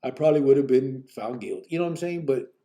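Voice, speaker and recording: A man's voice: medium pitch, lively intonation, fast talker, dark tone. A man telling his own story on a live podcast, blunt and profane, full of fillers. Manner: blunt, profane street talk with many fillers.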